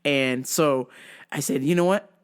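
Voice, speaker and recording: A woman's voice: low voice, measured pace, clear, resonant tone. A woman host ranting casually, brash and profane, telling stories with bursts of laughter. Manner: self-described masculine, brash. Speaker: podcast host. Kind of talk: casual rant.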